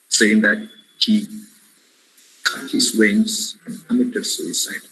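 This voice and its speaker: A man with an Indian English accent gives an earnest, preacherly webinar lecture on parenting, calling listeners "my dear friends" and repeating key words emphatically. His voice is low, slow, creaky, bright and forceful, with little pitch movement. The low-quality recording, made on a webinar headset or computer mic, carries a little hiss or hum.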